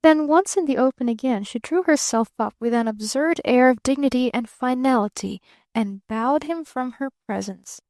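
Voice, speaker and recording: Woman reading an expressive storybook narration. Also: high voice, normal speed, no room sound, clean studio sound. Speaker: audiobook narrator. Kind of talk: scripted narration.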